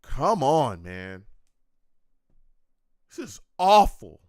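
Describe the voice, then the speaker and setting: A man's voice: medium pitch, big pitch swings, extremely slow, a little mellow, no echo, studio quality. A man hosting a live football game reaction stream, groaning and exasperated as he reacts and reads chat comments.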